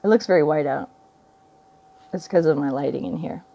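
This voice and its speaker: A woman's voice: deep voice, moderate pace, creaky, highs cut off. A woman in her forties vlogging at home, rambling through spiritual musings, often laughing and trailing off mid-thought. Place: indoors at home by a window.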